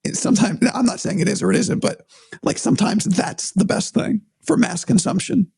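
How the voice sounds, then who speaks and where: A hoarse man whose raspy, breathy voice sits unusually high and swings widely in pitch, with a gravelly edge throughout. He talks in a thoughtful, hedging way in a casual podcast chat. The sound is dry and close. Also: fairly quick, darkish tone, no echo. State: hoarse after vocal cord surgery. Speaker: sports broadcaster.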